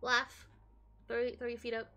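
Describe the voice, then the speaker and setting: A woman streaming a game live, giggling often and swearing casually in excitable commentary. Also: fairly high pitch, a little slow.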